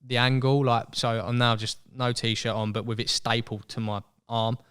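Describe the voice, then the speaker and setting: Young man, podcast guest, casual storytelling, smooth clear voice, mid pitch. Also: normal speed. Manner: chatty, animated, acts out quoted voices.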